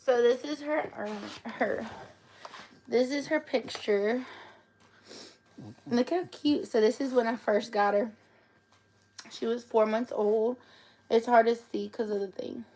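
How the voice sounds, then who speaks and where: A woman's voice: a little high, steady tone, takes it slowly, long pauses, darkish tone. A woman hosting a casual live stream, talking emotionally and often tearfully. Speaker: livestream host.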